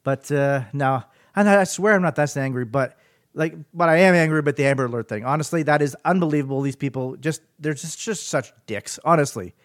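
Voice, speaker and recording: A man hosting his own podcast in a solo rant, with a lively, swinging delivery. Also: brisk, no echo, clean studio sound. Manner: animated ranting, swings up and down in pitch. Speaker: podcast host.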